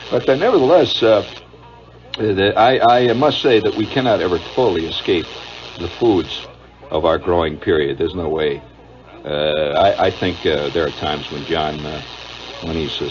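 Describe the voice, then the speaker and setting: Wry rambling radio host, lo-fi broadcast. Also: male voice, sits low. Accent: Midwestern American. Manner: wry, digressive, chuckling storyteller with many uhs. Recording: dull lo-fi old radio broadcast with faint hiss.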